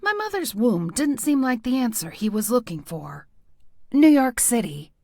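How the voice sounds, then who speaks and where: Woman reading a first-person audiobook, wry, pitch bouncing all over, dry close mic. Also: normal speed, dry recording. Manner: wry, expressive delivery. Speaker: audiobook narrator.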